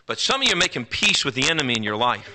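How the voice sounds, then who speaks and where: A man preaching a sermon to teenagers in a church, swinging between loud declarations and hushed, drawn-out words, and calling out to his audience. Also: mid-range voice, big pitch swings, low-quality recording. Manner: commands and banters with the audience. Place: church sanctuary before a congregation.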